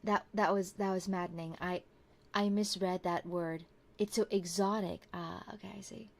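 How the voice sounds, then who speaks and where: A woman streamer talking softly between lines of a whispered role-play, stammering and giggling as she reads chat. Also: fairly low pitch, steady tone, moderate pace, gravelly.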